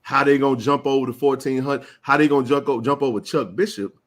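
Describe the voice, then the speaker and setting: A man hosting a live sports chat, ranting with passion and rising to shouts. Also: mid-range voice, steady tone, fast. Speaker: sports talk show host.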